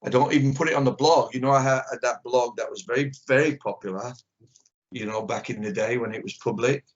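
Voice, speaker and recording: Here a karate teacher, an older man, talks candidly as a guest on a video call interview, opinionated and blunt, playing out small back-and-forths. His pitch is medium and he speaks a little fast. The sound is the dull, lo-fi kind typical of video calls.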